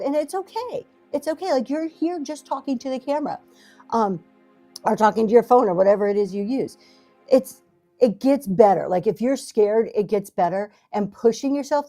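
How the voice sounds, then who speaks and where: A woman's voice: on the high side, dark tone. A middle-aged woman hosting a casual livestream from her basement, rambling and encouraging, with lots of fillers and restarts. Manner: rambling, self-deprecating, encouraging, many fillers. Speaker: livestream seller and talk show host. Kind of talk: casual livestream chat to viewers. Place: home basement. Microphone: camera in front of her.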